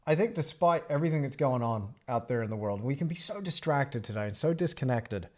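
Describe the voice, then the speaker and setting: A man's voice: mid-range voice, animated, brisk, a little mellow. Man chatting while he paints. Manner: reflective, rambling, friendly. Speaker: artist streaming while painting. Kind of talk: casual livestream chat. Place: art studio, indoors.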